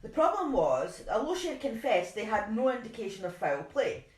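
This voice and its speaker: A woman's voice: a little high, sing-song, moderate pace. Woman, podcast co-host, chatty and self-deprecating, roomy home recording. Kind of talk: casual chat, reading case notes.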